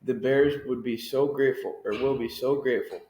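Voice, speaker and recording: A man's voice: medium pitch, steady tone, moderate pace, a little mellow, a little hiss or hum, natural voice. A man reading aloud voices a cheerful, delighted older Goldie in an echoey room.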